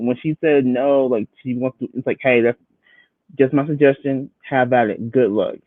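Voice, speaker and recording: A man's voice: mid-range voice, steady tone, moderate pace, no echo. Chatty man on a tinny line. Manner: stammering restarts, chatty, quotes himself. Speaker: podcast co-host. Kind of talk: casual reality-TV commentary. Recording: dry, phone-like narrow sound.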